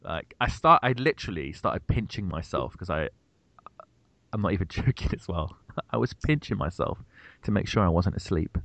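A young man co-hosting a podcast, telling an animated, swearing story in casual chat. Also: low-pitched, normal speed, gravelly, no echo. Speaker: podcast co-host.

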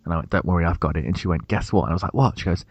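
A young man co-hosting a podcast, telling an animated, swearing story in casual chat. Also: low-pitched, rapid-fire, no room sound, highs cut off. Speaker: podcast co-host.

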